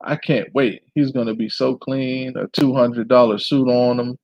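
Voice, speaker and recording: A man's voice: mid-range voice, little pitch movement, normal speed, no echo, lightly acted. A man reading the part of a brash, boastful fourteen-year-old boy in a memoir, on a dull dry recording.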